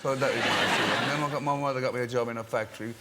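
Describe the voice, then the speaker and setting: A man who is a musician, telling stories on a chat show, halting and stammering, with dry jokes. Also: mid-range voice. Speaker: musician guest. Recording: very noisy studio recording.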